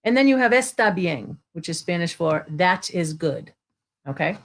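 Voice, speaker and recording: Woman host, slightly low-pitched, chatty live read-aloud storyteller, greets viewers and reads expressively. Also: animated, normal speed. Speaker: storyteller hosting a live reading. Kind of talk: casual live-stream chat and read-aloud.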